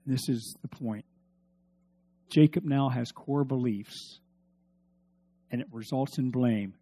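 A pastor preaches a sermon in a medium-pitched, mellow voice with a breathy edge, speaking slowly with long pauses. He reads scripture aloud and drives his points home emphatically, putting questions to the congregation.

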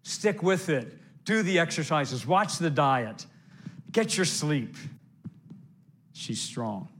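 A man preaching a sermon, telling lively stories and urging listeners on, with loud exclamations and hushed asides. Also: on the high side, slow. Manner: exhorting listeners directly.

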